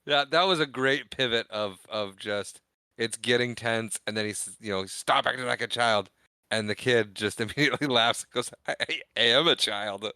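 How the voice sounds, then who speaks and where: Guy cohost, bright voice, dry mic, tossing in quick comments on the movie. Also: medium pitch, clear, resonant tone, no room sound. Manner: chimes in with short agreements and comments. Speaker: podcast co-host. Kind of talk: casual movie discussion.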